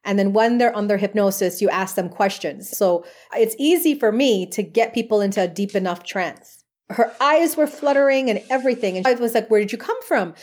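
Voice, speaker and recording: A woman's voice: medium pitch, fairly quick, darkish tone. A woman speaking as a podcast guest, telling stories about her work as a past life regression therapist in an earnest, chatty way with frequent fillers. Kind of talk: conversational interview answers.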